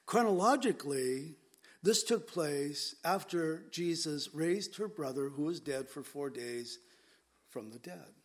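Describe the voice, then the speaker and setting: A man's voice: on the high side, takes it slowly. A man preaching a verse-by-verse sermon, emphatic and conversational, firing off rhetorical questions. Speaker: pastor. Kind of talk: expository sermon.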